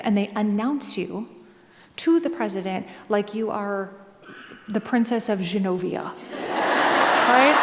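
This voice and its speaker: A woman author telling a story to a live audience in a casual, animated way, full of fillers. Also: medium pitch, noisy background. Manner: chatty and animated, with many fillers. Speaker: author and guest speaker. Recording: echoey hall, faint ambience.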